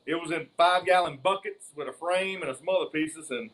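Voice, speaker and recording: Louisiana guy w a southern drawl, kinda high voice, laid back storyteller. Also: brisk, a bit bright, rough recording. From Louisiana, near Baton Rouge. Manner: easygoing storyteller, hesitant fillers. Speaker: guest, racing father.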